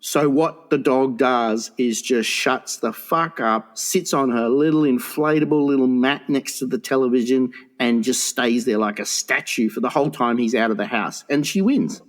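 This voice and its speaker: A man's voice: mid-range voice, moderate pace, hardly any pauses. A man hosting a podcast, telling a rambling story full of swearing and stumbling restarts. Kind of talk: casual podcast banter.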